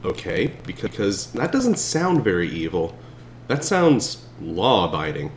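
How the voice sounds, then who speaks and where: A man doing comedic chatbot role-play, deadpan and then bursting into shouts. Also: lowish voice, a little slow, slight background noise. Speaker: streamer playing a chatbot.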